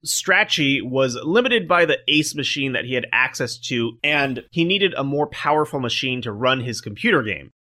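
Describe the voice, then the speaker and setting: A man's voice: mid-range voice, lively intonation, moderate pace, hardly any pauses, sharp tone. A man hosting a podcast, reading a prepared script and breaking off for dry jokes with his co-hosts. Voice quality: programmer speaking. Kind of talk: scripted narration with asides in a podcast chat.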